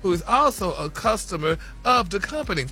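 A man's voice: high voice, very animated, fairly quick, bright, forceful tone, soft background music. A man reporting celebrity news on a radio show in a sassy, gossipy way, calling listeners "honey" and "y'all" constantly. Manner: sprinkles "honey" and "y'all" through every sentence; sassy, chatty.

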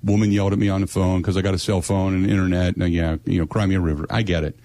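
A man's voice: sits low, flat delivery, rapid-fire, dark tone, no echo. A middle-aged man hosting sports radio, telling a story in blunt, sarcastic, exasperated casual chat.

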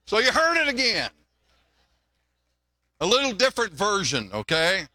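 Older man, pastor's sermon, folksy, high voice, dry sound. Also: wildly swooping pitch, unhurried, bright, forceful tone, no echo. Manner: folksy, conversational, repeats words when restarting. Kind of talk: sermon with jokes.

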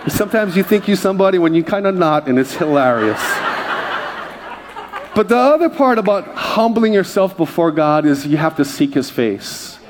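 A man's voice: sits high, expressive, moderate pace. A male pastor from Hawaii preaching a sermon, telling self-deprecating stories to his congregation. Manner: self-deprecating, jokey storyteller. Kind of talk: sermon with humorous personal stories.

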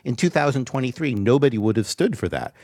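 A man arguing emphatically in a panel discussion, often pausing with ums. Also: mid-range voice, expressive, darkish tone, no echo, studio quality. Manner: emphatic, argumentative, with frequent ums. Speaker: guest expert.

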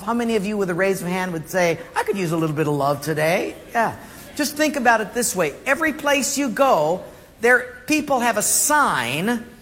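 A man preaching a sermon, telling stories with animated acted-out voices and dropping low and soft for emphasis. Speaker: pastor. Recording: hall reverb, faint room noise.

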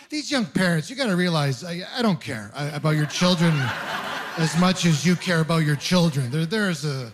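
A man in his thirties from Ontario performing a stand-up comedy set in a club, rambling through self-mocking stories with acted asides. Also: sits high. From Ontario, Canada. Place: comedy club with laughing audience.

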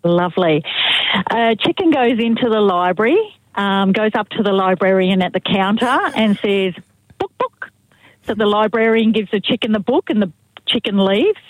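A woman calling in to a radio show, telling a joke in a steady storytelling manner. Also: medium pitch, normal speed, no echo, rough recording. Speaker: caller.

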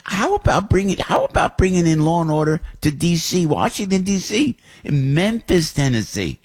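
An older man co-hosting a morning radio show, rambling and animated, husky and gravelly as he tells stories. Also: fairly high pitch, moderate pace. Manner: rambling, animated storytelling with restarts. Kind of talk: casual morning radio chat.

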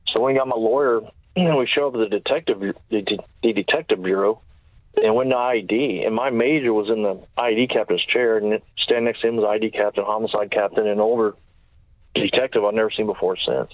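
A man's voice: fairly low pitch, steady tone, no echo. A former sheriff's deputy recounting his case in detail as an interview guest, quoting what others said to him. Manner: fast, detailed recounting with quoted dialogue. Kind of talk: storytelling in an interview. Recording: tinny phone line, dry.

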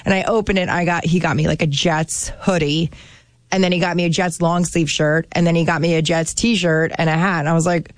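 A woman's voice: lowish voice, fairly quick, dry recording. A woman from New Jersey co-hosting a casual chat, telling stories with lots of fillers. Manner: chatty, lots of fillers, animated storytelling.

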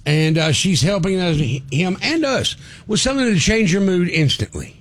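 A male radio co-host in loose morning banter, quick to laugh along with his partner. His voice sits fairly high for a man and swings widely up and down as he talks. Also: sing-song.

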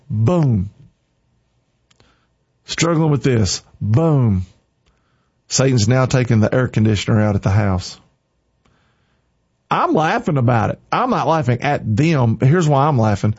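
A man's voice: medium pitch, a little mellow, breathy edge. A man preaching an informal sermon with fervent, punchy, repeated exhortations. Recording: slightly dull lo-fi recording.

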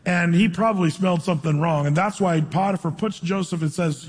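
A man preaching a sermon, reading scripture slowly and dramatically, then retelling the story in a casual, storytelling way. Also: high voice, breathy edge. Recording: long reverb of a large hall.

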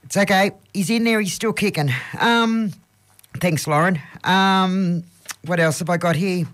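An Australian man hosting community radio, reading out local listings in a chatty way with plenty of ums, his voice croaky and hoarse. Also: sits high, unhurried, fairly bright tone. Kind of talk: casual radio announcing. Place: radio studio.

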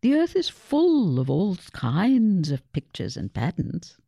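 A woman voices a wise old grandmother in a storybook reading, gentle and encouraging as she speaks. The tone is mellow and husky, slow and patient. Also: mid-range voice, huge pitch swings, dry recording, studio quality, pitched above the performer's own voice, heavily acted.

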